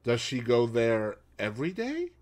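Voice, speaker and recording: A man's voice: medium pitch, wildly swooping pitch, measured pace. A man voicing a fussy middle-aged Belgian male detective, asking precise, probing questions.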